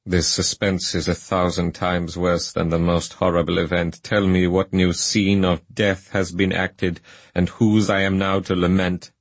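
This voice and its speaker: A man's voice: sits low, level tone, a little slow, no echo. A man reading a classic novel aloud as solemn, earnest first-person narration. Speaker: audiobook narrator.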